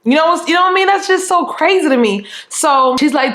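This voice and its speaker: High-voiced woman telling a lively story. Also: a little fast, a little hiss or hum. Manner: animated and profane, acts out scenes with quoted remarks. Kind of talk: casual storytime chat. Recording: roomy echo.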